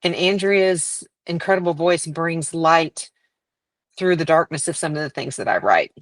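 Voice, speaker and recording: A woman with a deep, low-pitched voice talks as a podcast guest. She chats freely and from the heart, with easy laughter between her stories. The sound is close and dry. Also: moderate pace, no echo. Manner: chatty, heartfelt storytelling with frequent laughter. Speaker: author guest. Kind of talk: casual podcast interview.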